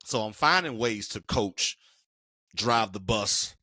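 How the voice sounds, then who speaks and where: A man's voice: lowish voice, animated, takes it slowly, sharp tone, breathy edge, dry recording, studio quality. A middle-aged man co-hosting a podcast, telling a personal story in an emphatic, slangy way. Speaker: podcast co-host. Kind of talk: casual podcast conversation.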